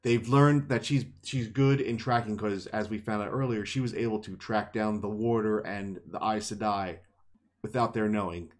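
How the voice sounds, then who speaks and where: On a casual book-discussion podcast, this male co-host retells a fantasy novel chapter, slipping into playful character voices and laughing. He talks at normal speed in a lowish voice that stays fairly even.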